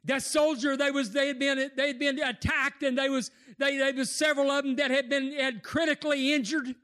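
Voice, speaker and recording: A man preaching a sermon, impassioned, rising to shouts and tearful cries. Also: very high voice, little pitch movement, brisk.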